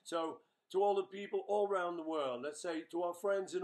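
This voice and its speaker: A man's voice: high voice, moderate pace, hardly any pauses, a little mellow, a little hiss or hum. An older man, a rock musician, chatting casually with his bandmates in a webchat, joking and rambling with plenty of fillers. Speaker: rock musician answering fan questions.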